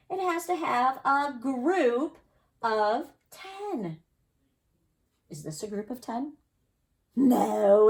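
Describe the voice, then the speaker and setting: A woman teacher giving an early-grade math lesson, counting aloud and asking the children encouraging questions. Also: sits high. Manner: slow, encouraging, sing-song counting with questions to kids.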